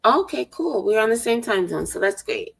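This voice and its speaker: A sassy woman in her thirties, teasing and quick to banter. Her voice sits a little high and rings bright and forceful. She talks in a loose, casual chat style. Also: big pitch swings, gravelly, breathy edge, poor audio. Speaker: chat partner.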